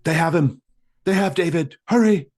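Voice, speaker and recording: A man's voice: on the high side, normal speed, darkish tone, pitched above the performer's own voice, close to an everyday voice. A man voicing a panicked male village priest who screams urgent pleas in a tabletop horror game. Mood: frantic.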